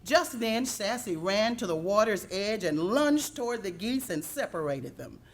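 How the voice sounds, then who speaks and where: A woman reading a children's storybook aloud in an expressive, measured way. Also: mid-range voice. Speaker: reader.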